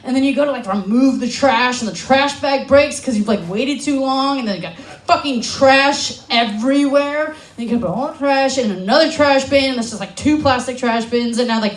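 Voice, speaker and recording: A young American woman from Alaska works a comedy club crowd with a brash, profane, sarcastic stand-up set. Her voice sits high and bright. The sound has a roomy echo from the club, picked up on a handheld stage mic. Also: brisk, hardly any pauses. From Alaska, USA.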